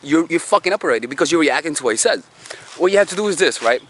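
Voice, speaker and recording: A male dating coach talking straight to camera in a loose, casual way, full of rhetorical questions and the odd curse word. His voice sits somewhat high for a man and moves animatedly up and down. Faint noise runs underneath. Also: animated, rapid-fire, a bit bright. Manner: conversational, swears, rhetorical questions. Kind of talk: casual advice monologue.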